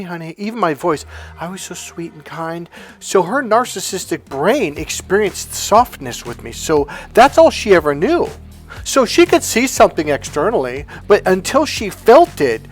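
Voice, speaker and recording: A man talks straight to his viewers as a relationship coach, cursing freely and acting out the voices in his stories. His pitch sits a little high and swings widely as he talks. Faint music plays underneath. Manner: animated, profane, acts out dialogue. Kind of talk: casual monologue to camera.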